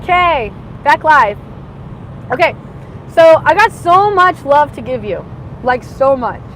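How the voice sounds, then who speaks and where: Livestreaming from her car in city traffic, a woman with a high, animated voice rants slowly and passionately, swinging from shouts to mutters as she rambles. The recording is noisy, with road and traffic sounds all around.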